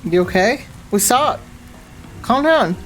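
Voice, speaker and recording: A woman's voice: fairly high pitch, lively intonation, measured pace, faint music behind. A woman streamer giving playful, giggly commentary while playing a game. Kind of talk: casual gaming commentary.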